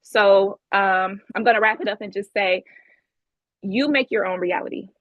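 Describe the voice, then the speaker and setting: A woman's voice: mid-range voice, moderate pace, fairly bright tone, no room sound, rough recording. A woman from Ohio giving an earnest, emphatic personal testimony as a guest speaker at an online event, over a video call. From Ohio, USA. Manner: earnest, emphatic storytelling with many restarts.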